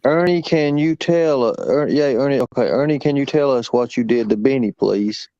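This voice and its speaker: A man's voice: mid-range voice, normal speed, no echo. A man hosting a casual live chat, joking crudely and laughing with his friends. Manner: loud, crude, laughing banter with drawling Southern-style slang. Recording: dull lo-fi stream audio.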